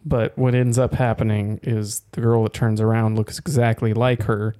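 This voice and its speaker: A man co-hosting a podcast, recapping a film's plot in quick run-on stretches. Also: fairly low pitch, flat delivery, mellow, clear, resonant tone. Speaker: podcast co-host. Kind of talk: casual film-discussion chat.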